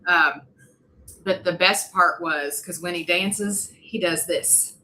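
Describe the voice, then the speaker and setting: A woman, co-hosting a podcast and telling an animated, funny story in casual chat. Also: on the low side, slow, a little hiss or hum, poor audio. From West Virginia. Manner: animated, laughing, mimics voices in her stories. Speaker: podcast co-host.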